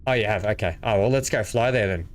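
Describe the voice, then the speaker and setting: A man streaming a multiplayer game from home, excitable and chuckling as he plays and chats. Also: on the low side, quick pace. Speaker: gaming streamer. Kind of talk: casual multiplayer gameplay chat. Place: home room.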